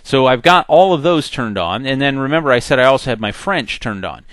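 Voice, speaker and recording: A man teaching a software tutorial in a chatty way, acting out the program's messages in little voices. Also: mid-range voice, lively intonation, brisk, no echo. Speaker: software instructor. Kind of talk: screen-recorded software tutorial.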